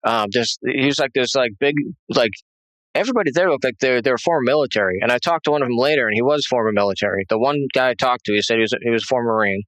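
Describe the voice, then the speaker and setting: A man's voice: medium pitch, fast talker, fairly bright tone, dry recording, rough recording. Rambling man telling a tense story. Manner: rambling, many restarts and fillers; tense, agitated retelling. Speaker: interview guest. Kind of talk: recounting a personal story.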